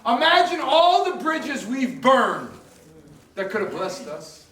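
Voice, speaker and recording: A pastor preaching a sermon in a church hall, telling the story in an animated, emphatic way. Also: male voice, very high voice, slow pace. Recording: echoey hall, mic at a distance.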